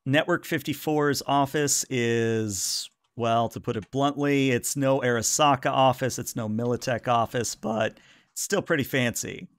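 A man narrating a tabletop role-playing game as game master, relaxed and filling pauses with "uh". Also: mid-range voice, no echo. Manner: relaxed narration with many "uh" fillers.

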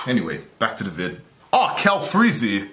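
A man hosting a video reaction, commenting casually and getting excitable and loud over the clips he watches. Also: fairly low pitch, a little slow, background noise. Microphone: camera mic at desk. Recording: echoey room with loud music behind.

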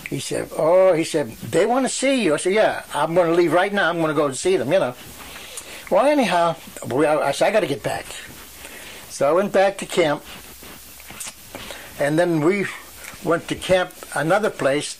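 A man's voice: fairly high pitch, moderate pace, pauses often, a little hiss or hum. A man, telling rambling stories in an oral history interview and acting out the voices of the people in them. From western Pennsylvania. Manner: rambling storyteller who acts out quoted voices. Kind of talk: storytelling reminiscence.

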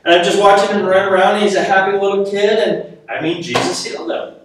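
A man preaching a sermon to a live audience, telling a personal story in an animated, self-mocking way and laughing often. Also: high-pitched, fairly quick, slight background noise. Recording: echoey hall, mic at a distance.

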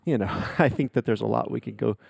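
Associate pastor, man, dark mellow tone with vocal fry; slow, thoughtful, reflective delivery. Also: mid-range voice, no room sound, clean studio sound. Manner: slow, reflective, searching for words. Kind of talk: casual podcast conversation.

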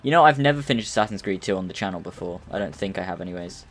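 A young man, giving chatty, excitable commentary while playing a video game. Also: sits low, very fast. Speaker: let's play gamer. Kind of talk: casual gameplay commentary.

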